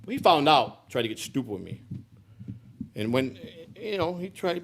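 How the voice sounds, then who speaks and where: A middle-aged man from the United States telling his life story bluntly and profanely, dropping to low mutters and then rising to loud outbursts. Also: big pitch swings, normal speed, slight background noise. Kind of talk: raw personal storytelling.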